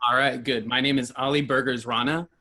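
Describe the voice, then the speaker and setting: Angry caller, male, bright forceful voice, confrontational and swearing. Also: mid-range voice, steady tone, brisk. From Los Angeles. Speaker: public commenter. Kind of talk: angry public comment.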